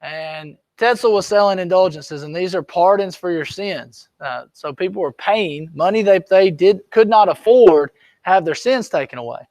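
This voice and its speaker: A man's voice: high voice, animated, moderate pace, a little mellow, no echo. A man teaching a history lesson to his class in a classroom, talking in a loose, conversational way and often checking whether students are keeping up. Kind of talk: classroom lecture.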